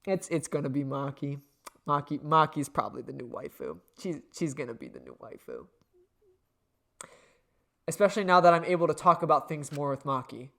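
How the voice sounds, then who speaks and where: A man giving casual let's play commentary in an excitable, swearing, joking way. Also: a little high, normal speed, vocal fry.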